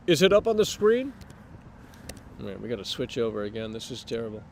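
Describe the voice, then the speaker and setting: A man hosting a live stream, rambling to his chat with sudden loud bursts. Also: medium pitch, big pitch swings, brisk, vocal fry, a little hiss or hum.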